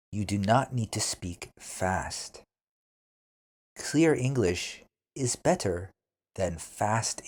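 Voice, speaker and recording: A man hosting a beginner English lesson podcast, speaking deliberately and repeating each phrase clearly for learners. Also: lowish voice. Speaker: English teacher, podcast host.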